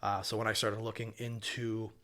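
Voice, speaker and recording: Male podcast co-host from Wisconsin, slightly low voice, relaxed and rambling, heavy on the ums. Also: normal speed. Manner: relaxed, rambling with many fillers. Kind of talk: casual podcast chat.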